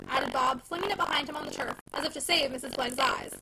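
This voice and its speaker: A woman reading a classic novel aloud, with expressive storytelling. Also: sits high, fast, few pauses. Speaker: audiobook reader. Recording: loud background noise.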